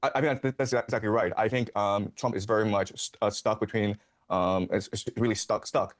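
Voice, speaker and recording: A man's voice: on the low side, fairly even intonation, fairly quick. A man as a guest commentator giving political analysis, starting hesitantly and then explaining fluently.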